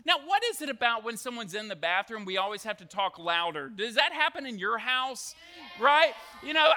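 A man preaching a sermon to students, telling a story in an animated way with jokes and asides. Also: very high voice. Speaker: youth pastor.

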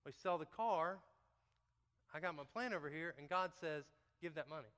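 A man gives a joking, folksy testimony to his congregation, speaking straight to the crowd. His voice sits a little high and comes across bright and forceful. It rings out with the long reverb of a big church hall. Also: normal speed. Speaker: church member giving testimony.

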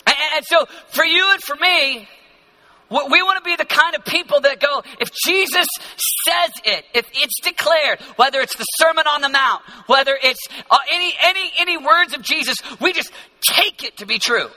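Emphatic high-voiced preacher. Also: male voice, lively intonation, moderate pace. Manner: emphatic and repetitive, swinging from loud to hushed. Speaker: pastor. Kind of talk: sermon.

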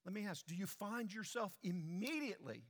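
A man's voice: sits high, animated, moderate pace, fairly bright tone, long reverb tail. A man preaching a sermon in a church, speaking emphatically and putting questions straight to the congregation. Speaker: pastor. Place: church sanctuary.

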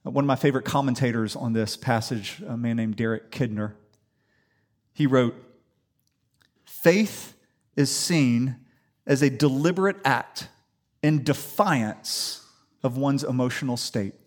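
A man from the Atlanta area preaching a sermon in a church, telling stories and building up to loud declarations. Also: medium pitch, a little slow, pauses often. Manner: animated storytelling, rising to loud declaration. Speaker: pastor. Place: church sanctuary.

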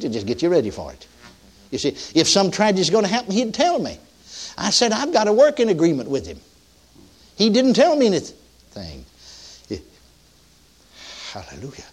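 Older male preacher, folksy storyteller, swings his pitch widely for emphasis. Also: a little mellow. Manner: folksy, repetitive restarts, rising emphatic peaks. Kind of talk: sermon storytelling.

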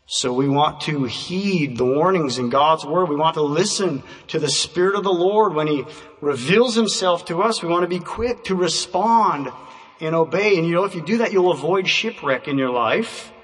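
A man preaching a sermon, telling an illustration in a measured way and slowing to stress key words. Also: a little high, fairly bright tone. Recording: reverberant hall, voice from a distance.

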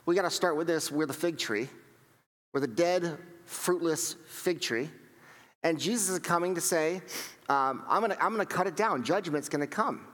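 A male pastor preaching in a sermon, his voice sitting a little high for a man. He tells stories with lively acted-out quotes and often stumbles into repeats and restarts. A long reverb trails after his words, as in a church hall. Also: normal speed. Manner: animated storytelling with acted-out quotes; frequent repetitions and restarts.

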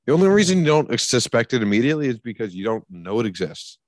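A man's voice: medium pitch, sing-song, quick pace, no room sound. A man co-hosting a podcast, chatting about a film with wry, sarcastic asides. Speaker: podcast co-host. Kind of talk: casual movie review chat.

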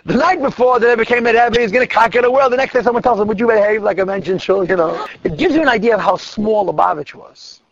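Gravelly-voiced man telling a story. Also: very high voice, quick pace, hardly any pauses. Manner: vivid, dramatic, drops to a hush at tense moments. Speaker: storyteller speaking to girls. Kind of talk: animated storytelling talk. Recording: dull lo-fi dry recording.

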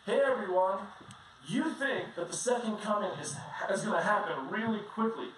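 A man preaching a sermon as a pastor, telling personal stories in a conversational, animated way and often laughing as he talks. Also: sits high, moderate pace. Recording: very echoey room, distant mic, faint noise.

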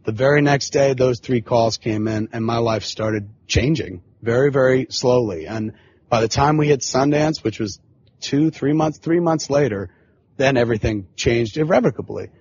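A man's voice: medium pitch, normal speed, a little mellow, breathy edge, lo-fi sound. A man in his forties hosting a podcast, telling a long casual story full of swearing and filler phrases. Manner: profane, rambling, frequent filler phrases. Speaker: podcast host.

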